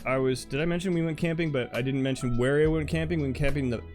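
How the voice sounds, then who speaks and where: A man's voice: fairly high pitch, fairly even intonation, quick pace, a little mellow, faint music behind. A man chatting casually with viewers on his live stream, laughing often and trailing off mid-sentence before starting over. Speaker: livestreamer.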